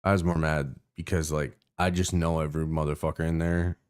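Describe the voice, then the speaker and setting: A man's voice: a bass voice, little pitch movement, a little fast, clean tone. A young man from Canada, hosting his own stream, talking in a casual, rambling way with lots of cursing, fillers and restarts. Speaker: streamer host. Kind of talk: casual rant to stream viewers.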